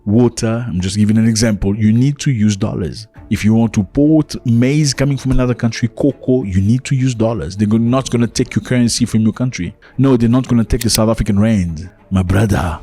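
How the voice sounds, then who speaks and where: A man giving animated news commentary, asking rhetorical questions and explaining things to his viewers. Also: lowish voice, a little fast, hardly any pauses.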